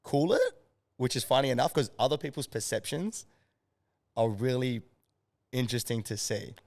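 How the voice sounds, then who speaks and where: A man's voice: mid-range voice, normal speed. An Australian man, a strength coach, chatting casually as a podcast guest and telling stories with lots of energy and swearing. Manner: animated storyteller, swears freely.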